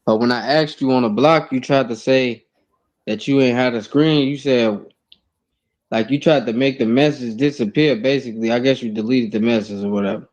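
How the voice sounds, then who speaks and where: A man's voice: medium pitch, normal speed, a little mellow, highs cut off. A man, a podcast guest telling stories in blunt, profane street talk. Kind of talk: casual storytelling.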